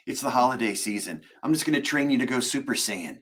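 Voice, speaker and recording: A male voice actor signs autographs on a livestream, chatting casually in a jokey, playful, self-mocking way. His medium-pitched voice is animated, and he talks quickly with few pauses.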